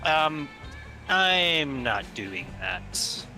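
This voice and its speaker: A man's voice: on the high side, extremely slow, over music, pitched below the performer's own voice, full character voice. A man voicing an irritated young female witch who just wants to read, in a dry, sarcastic way. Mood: deadpan. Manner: deadpan, sarcastic.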